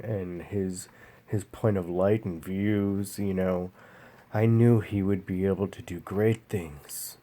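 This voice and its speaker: A man vlogging a personal story in a slow, halting, emotional way, pausing often. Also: sits low, mellow.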